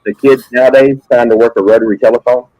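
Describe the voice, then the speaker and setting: A man who teaches sixth-grade science, telling animated classroom stories in casual chat with restarts and repeats. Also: mid-range voice, fast talker, dry recording, dull audio. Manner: animated anecdotes with frequent repeats. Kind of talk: casual storytelling on a live stream.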